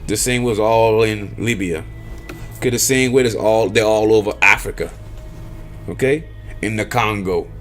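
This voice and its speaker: A man's voice: lowish voice, normal speed, pauses often, fairly bright tone. A man delivering an emphatic monologue, lecturing and firing off rhetorical questions. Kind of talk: emphatic monologue on power politics.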